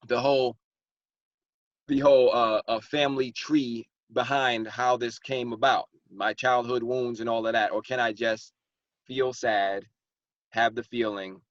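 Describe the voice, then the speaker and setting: A man's voice: medium pitch, dry recording, lo-fi sound. A man, hosting a casual group discussion as the author and acting out people as he talks. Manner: animated, acts out exaggerated characters mid-story.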